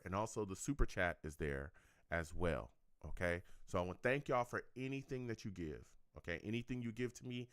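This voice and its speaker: A man's voice: deep voice, clean tone, no echo, studio quality. A young man hosting a sports live stream, reading viewer comments in a casual chat and repeating himself with frequent laughs. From California. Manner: animated, laughs often, repeats phrases.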